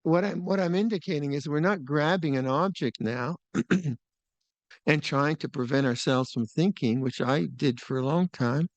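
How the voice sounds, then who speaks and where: Older man giving a relaxed Dharma talk. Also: on the high side, normal speed, dry recording. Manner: relaxed, musing, with small laughs and restarts. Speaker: meditation teacher. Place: retreat hall.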